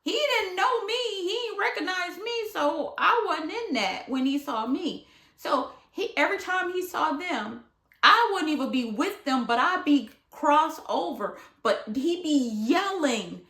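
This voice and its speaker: A woman from Michigan telling a casual storytime, acting out the people she quotes and at times dropping to a hush. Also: high voice, unhurried. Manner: animated, dramatic retelling with voiced quotes; drops to hushed near-whispers at times. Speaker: vlogger. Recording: echoey room.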